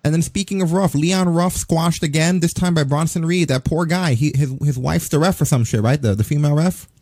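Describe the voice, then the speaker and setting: Man in his forties, profane casual rant, quick delivery, dry close sound. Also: on the high side, no room sound. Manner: profane, ranting, animated. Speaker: podcast co-host. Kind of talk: casual wrestling review chat.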